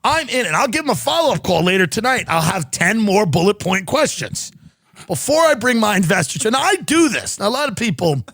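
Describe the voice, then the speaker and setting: A man's voice: sits high, sing-song, brisk, a bit bright, dry recording, studio quality. A middle-aged man hosting a podcast, telling a comic story in a sardonic, riffing way and mimicking the people in it. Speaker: podcast host. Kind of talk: comedic storytelling monologue. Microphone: studio podcast mic.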